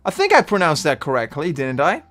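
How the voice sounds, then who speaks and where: A man with a Dutch accent chatting through a live game stream, rambling and getting loudly frustrated at times. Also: on the high side, huge pitch swings, fairly quick. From Netherlands. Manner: chatty, bursts of frustration, trailing off.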